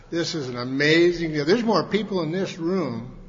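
A man's voice: fairly high pitch, lively intonation, a little slow. Folksy man speaking in a big hall. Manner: folksy, joking, many restarts and fillers. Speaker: recovery meeting speaker. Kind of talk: speech to a large audience. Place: large meeting hall with audience. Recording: dull hall recording with long reverb.

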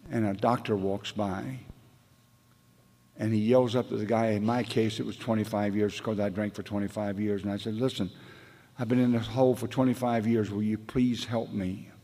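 A man's voice: on the low side, darkish tone, big-room sound. A man sharing at a recovery meeting, telling stories in a rambling, folksy way with casual grammar. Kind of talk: storytelling share at a meeting.

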